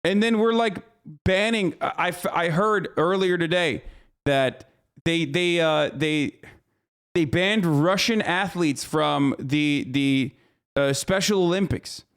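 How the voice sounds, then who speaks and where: A man's voice: fairly high pitch, slow, fairly bright tone, clear, resonant tone. A man livestreaming casual commentary, ranting in an exasperated, profane way and rambling with frequent restarts. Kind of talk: casual live-stream commentary.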